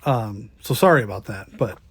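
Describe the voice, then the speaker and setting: Husky-voiced laid-back man. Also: lowish voice, animated, normal speed. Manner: laid-back, brief reactions and quiet agreement. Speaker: podcast co-host. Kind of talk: casual podcast chat. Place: ship cabin on vacation. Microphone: phone recording.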